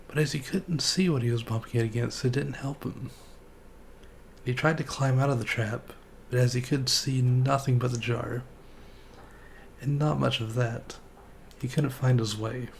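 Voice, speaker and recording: A man streamer reading a children's storybook aloud in a relaxed, folksy way. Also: mid-range voice, moderate pace, gravelly, long pauses, a little hiss or hum.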